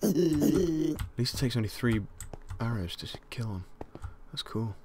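A young man giving casual commentary on a game he plays, easily startled, yelping and shouting in panic. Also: medium pitch, moderate pace. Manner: jumpy, easily scared, yelps and shouts in panic. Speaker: gaming channel host. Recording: loud keyboard clicks and noise.

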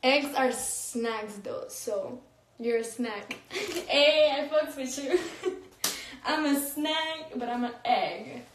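A woman's voice: high voice, takes it slowly, echoey room, slight background noise. A young woman chatting casually on a phone livestream, reading comments, slangy and laughing often. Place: room, recording a phone livestream.

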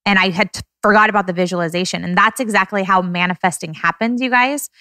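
A woman's voice: medium pitch, quick pace, sharp tone, no echo. Emotional woman in her thirties, close to tears. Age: 30s. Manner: heartfelt, tearful, effusive. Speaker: podcast host. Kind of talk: emotional casual podcast talk.

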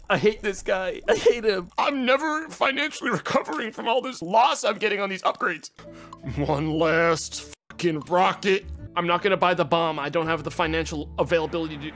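A man streaming a fishing game, chatting to his viewers, swearing and shouting in frustration and excitement. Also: sits high, moderate pace, faint music behind. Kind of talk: gaming livestream commentary.

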